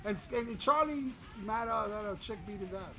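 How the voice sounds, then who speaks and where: A man with a high, bright voice talks casually on a podcast. He rants and mocks with plenty of profanity. Faint music plays under him. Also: normal speed, creaky. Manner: profane, ranting, mocking. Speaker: podcast co-host reviewing an album. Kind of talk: casual chat.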